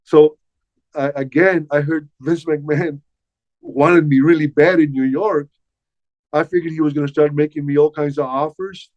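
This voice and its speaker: An older man, a former wrestler, telling stories as an interview guest in a lively way, stumbling over and repeating his words. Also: a little high, dry recording. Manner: animated, repeats words while recounting past dialogue. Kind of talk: casual storytelling. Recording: dull, slightly muffled dry sound.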